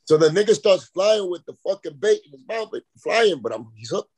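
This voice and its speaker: High-pitched and husky, this man speaks fairly quickly as a rapper guesting on a podcast. In the casual conversation he spins animated anecdotes that ramble and are laced with profanity.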